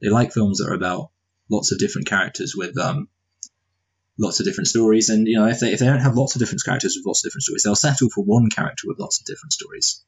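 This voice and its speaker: A man's voice: fairly low pitch, fairly even intonation, very fast, slightly rough, rough recording. A married man co-hosting a movie review podcast, chatting casually with wry jokes and meandering asides. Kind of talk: casual chat.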